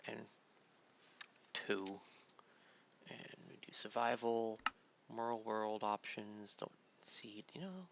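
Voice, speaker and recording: In this casual let's-play, a man who is an adult father offers rambling, easygoing commentary packed with fillers, like a tired dad sitting at his home computer. He speaks slowly in a low-leaning, creaky voice and pauses often. Faint noise comes through a dull, lo-fi mic.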